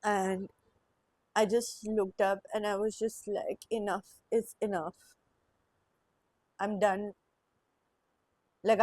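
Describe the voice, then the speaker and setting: Young woman vlogger, mellow voice, dry close sound; halting, emotional confessional monologue. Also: medium pitch, dry recording. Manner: emotional, halting, with sighs and restarts.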